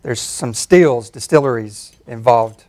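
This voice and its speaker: A man in his fifties from Tennessee with a Southern accent, giving a relaxed, self-deprecating personal talk as a faculty speaker. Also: mid-range voice, measured pace. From Tennessee, USA. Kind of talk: personal talk at a campus forum.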